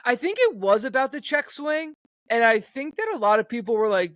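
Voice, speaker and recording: A man's voice: extremely high pitch, big pitch swings, fairly quick, a bit bright, no echo. A young man co-hosting a podcast, chatting casually in a laid-back, profane way. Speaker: podcast co-host. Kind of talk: casual chat.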